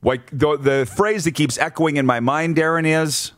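A man's voice: fairly high pitch, steady tone, moderate pace, fairly bright tone, no room sound, clean studio sound. A man hosting a sports talk show, running through numbered points with blunt opinions and frequent restarts.

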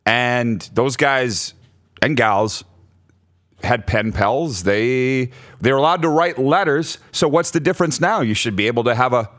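Animated laughing radio host. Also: male voice, medium pitch, unhurried, no room sound, studio quality. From Saskatchewan, Canada. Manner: animated, laughs often, reads listener messages. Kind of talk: casual sports radio banter. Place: radio studio.

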